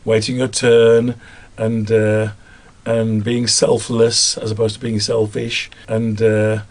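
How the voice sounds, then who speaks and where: Speaking slowly in a lowish, completely flat voice, a man with a Black Country accent gives interview answers about his work as a voice actor. He's chatty and self-amused, laughing readily at himself.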